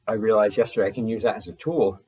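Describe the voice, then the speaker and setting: A man talking in a rambling video journal, holding back a restless energy and slowing himself down on purpose. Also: fairly low pitch, steady tone, darkish tone, far from the mic, poor audio. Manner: restless, deliberately slowed and restrained delivery; frequent fillers and restarts. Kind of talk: rambling personal journal talk. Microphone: laptop.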